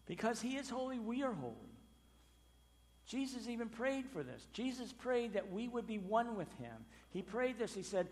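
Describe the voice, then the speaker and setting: A man preaching a sermon as pastor, emphatic, with loud stressed phrases and sudden quiet drops. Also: very high voice, big pitch swings, normal speed, in a large hall.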